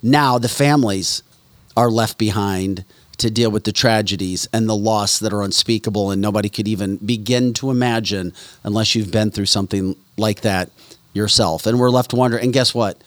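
A man's voice: on the low side, moderate pace, no room sound. A man hosting a political talk show, speaking with indignant emphasis and repeating phrases as he builds his point. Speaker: show host.

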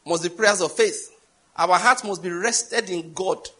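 A man with a Nigerian accent preaching a sermon, telling a story with emphatic stress, jumping high and loud on key words. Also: unhurried, breathy edge.

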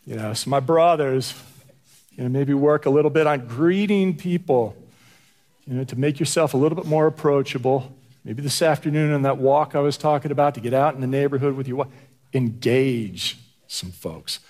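Speaking in a mid-range voice with a darkish tone, this pastor gives a sermon in a conversational style, frequently tripping over and repeating his words.

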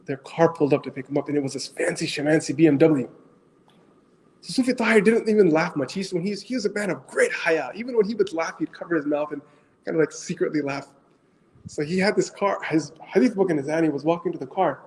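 A middle-aged man, an Islamic scholar with as his tongue, tells stories to an audience in an animated way, asks his listeners questions and mixes in phrases. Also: on the high side, fairly quick, breathy edge. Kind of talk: storytelling talk to an audience.

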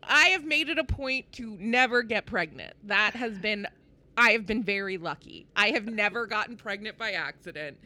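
A woman's voice: mid-range voice, expressive, moderate pace, sharp tone, no room sound. A woman co-hosting a casual podcast chat, outspoken and often laughing as she talks. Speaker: podcast co-host.

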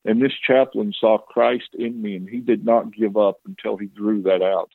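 A man's voice: fairly low pitch, fairly even intonation, moderate pace, gravelly, breathy edge, no echo. A man giving a candid, plain-spoken personal testimony as an interview guest. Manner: plain-spoken storytelling with earnest emotion. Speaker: guest telling his testimony. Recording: tinny phone-like line, dry.

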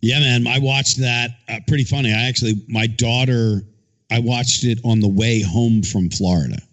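A man's voice: medium pitch, moderate pace, dull audio. A man hosting a casual chat, laid-back, asking questions and swearing casually. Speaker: podcast host.

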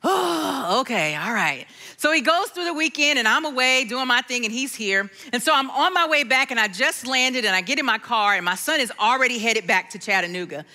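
A woman's voice: fairly high pitch, a little fast, hardly any pauses, bright, forceful tone. A middle-aged woman preaching a sermon, telling a personal story and acting out the voices of the people in it.

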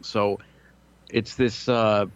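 A man's voice: lowish voice, level tone, drawn-out words, clear, resonant tone. A man in his thirties telling crude, rambling, self-mocking stories in casual chat. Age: 30s.

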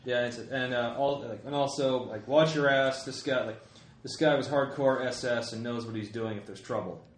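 A man voicing a shady male American radio informant who talks crudely and haltingly. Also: medium pitch, fairly even intonation, lightly acted. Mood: blunt. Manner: casual, crude, halting with fillers. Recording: roomy with faint noise.

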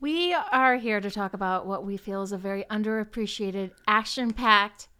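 Female guest, smooth clear voice, eager casual talker. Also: medium pitch, normal speed, bright, forceful tone. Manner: enthusiastic, uses "like" often. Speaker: podcast guest, actress and improviser. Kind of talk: casual chat.

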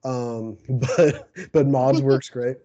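A man's voice: medium pitch, steady tone, drawn-out words, warm tone. A man co-hosting a casual podcast chat, rambling along and chuckling often. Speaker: podcast co-host. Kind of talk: casual chat about a TV show. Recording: dull lo-fi recording.

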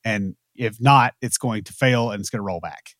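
A man's voice: lowish voice, normal speed, a bit bright, dry recording. A man with a Southern US accent, co-hosting a casual technical talk with dry joking asides. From American South. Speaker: podcast co-host.

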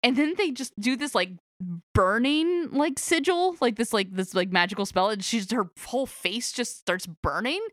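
A woman's voice: fairly high pitch, lively intonation, normal speed, a bit bright, dry recording, studio quality. A woman co-hosting a podcast, chatting casually and retelling a comic book story in a rambling, giggly way with many fillers and restarts. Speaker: podcast co-host.

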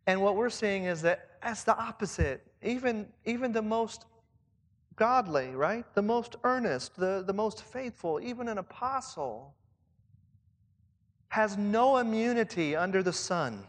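Guy preaching to church leaders, fairly high voice, thoughtful, keeps asking questions, long hall reverb. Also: animated, a little slow. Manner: reflective, asks the listeners questions. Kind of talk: conversational sermon with prayer.

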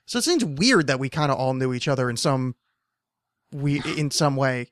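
A man's voice: medium pitch, very animated, moderate pace, dry recording, studio quality. A man in his thirties from New Jersey, hosting a casual podcast chat; he rambles, swears freely, laughs often and is losing his voice. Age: 30s. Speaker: podcast host.

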